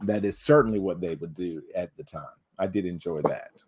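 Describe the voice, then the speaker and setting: A man's voice: low-pitched, normal speed, darkish tone, breathy edge. A man co-hosting a podcast in casual chat, with a wry, self-deprecating humor. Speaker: podcast co-host.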